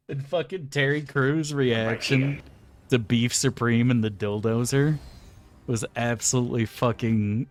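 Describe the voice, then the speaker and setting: A man streaming a game and chatting casually, joking around in a rambling, crude way. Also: medium pitch. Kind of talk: casual gameplay commentary.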